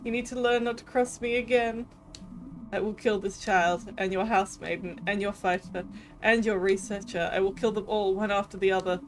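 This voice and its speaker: A woman's voice: mid-range voice, steady tone, soft background music, close to an everyday voice. Woman voicing a gloating tyrant king. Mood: menacing. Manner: slow, taunting, threatening. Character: cruel tyrant king, male, gloating and menacing. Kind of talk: reading a video game aloud with voices.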